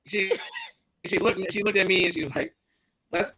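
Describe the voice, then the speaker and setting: A man's voice: sits high, fairly quick, long pauses, sharp tone, slightly rough, low-quality recording. A man co-hosting a casual porch podcast, animatedly telling a childhood story and acting out the quotes. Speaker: podcast co-host.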